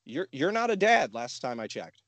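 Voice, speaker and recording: This man's voice is a little high and moves at a moderate pace, recorded without echo. He co-hosts a podcast, spinning animated stories in casual chat and playing out what people said.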